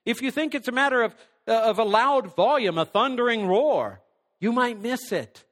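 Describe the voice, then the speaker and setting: Man, middle-aged, pastor, sermon, high-pitched, emphatic then hushed, long hall reverb. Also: lively intonation, moderate pace. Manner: swings from loud emphatic preaching to hushed near-whisper.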